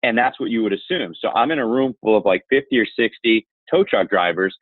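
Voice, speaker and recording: A man with a low voice tells a story as a podcast guest, animated and candid. His voice comes through a narrow, tinny, phone-like line. The sound is dry, with no room echo. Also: brisk, slightly rough. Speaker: podcast guest, insurance marketer. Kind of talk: storytelling conversation.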